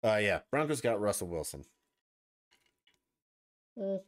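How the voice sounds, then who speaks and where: His voice is lowish with huge pitch swings, and he speaks a little slowly. The man hosts a podcast, ranting casually and combatively about politics, swearing heavily and mocking opponents sarcastically through put-on voices.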